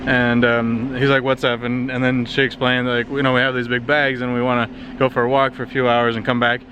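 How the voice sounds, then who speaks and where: Strolling outside through city streets, a weary Canadian man narrates his travel vlog briskly in a mid-range voice, filling his relaxed ramble with many fillers. The handheld compact camera audio has a little hiss or hum.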